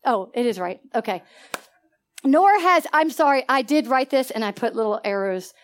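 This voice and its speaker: High-pitched female preacher, emphatic and lively, drawing answers from the congregation. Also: brisk. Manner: animated, emphatic call-and-response preaching with laughter. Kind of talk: sermon. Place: church sanctuary.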